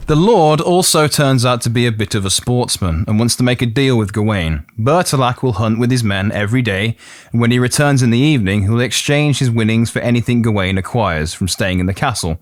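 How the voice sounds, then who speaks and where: A man's voice: medium pitch, no echo, studio quality. Playful Midlands man retelling a legend. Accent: English Midlands. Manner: playful, quick to laugh at his own jokes. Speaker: podcast host.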